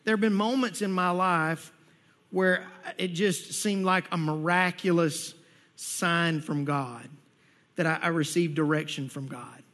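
A man with a fairly high voice delivers a sermon, telling his own stories in an earnest way. He presses his points with growing emphasis. Long reverb hangs on his words in a hall. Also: a little slow, fairly bright tone. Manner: earnest storytelling, rising emphatic near the end. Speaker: preacher.

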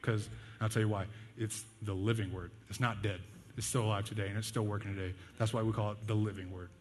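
A man's voice: on the low side, little pitch movement, fast. A young man preaching a casual sermon, conversational and jokey, telling stories and leaning on fillers. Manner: conversational, jokey, self-deprecating, with fillers and laughs. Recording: long hall reverb, faint music behind.

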